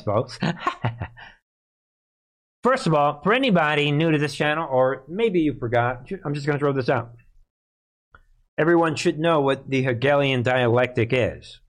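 A man's voice: fairly high pitch, lively intonation, unhurried, pauses often. A man hosting a live political commentary stream, talking in a sarcastic, scoffing way.

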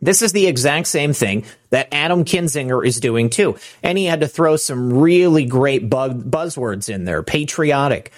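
A man's voice: medium pitch, lively intonation, normal speed, hardly any pauses. A man hosting political commentary in a sarcastic, mocking tone, talking straight to the viewer.

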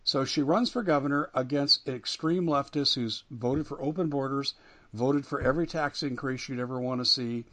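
A man's voice: medium pitch, moderate pace, a bit bright. Man, talk radio host, emphatic, indignant delivery. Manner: emphatic, rising and falling with indignation.

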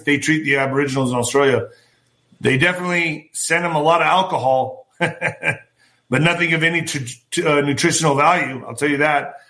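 A man's voice: on the high side, pushed and bright. A man hosting a show, telling rambling personal stories and commenting on a news item, talking straight to his listeners. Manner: rambling, anecdotal, talks straight to listeners as folks. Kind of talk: casual storytelling and news commentary.

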